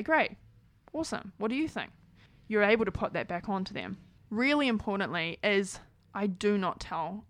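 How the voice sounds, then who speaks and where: A woman in her thirties speaks straight to the camera in a frank, lively way, dropping "like" all through her sentences. Her voice sits at a middle pitch and is recorded close and dry, with no room sound. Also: no room sound. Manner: frank, animated, many "like" fillers. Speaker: parenting vlogger. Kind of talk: casual talk to camera.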